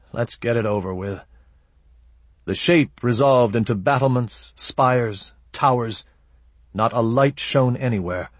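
Brief: male narrator with a husky, slow, measured read, dry close-mic sound. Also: mid-range voice, no room sound. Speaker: audiobook narrator. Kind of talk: scripted narration.

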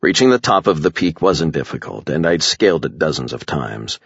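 A man with an extremely deep, gravelly voice narrates a story in the first person, with a grim, measured delivery. His tone is husky, and the dry, muffled recording keeps it close. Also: big pitch swings, no room sound. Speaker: audiobook narrator.

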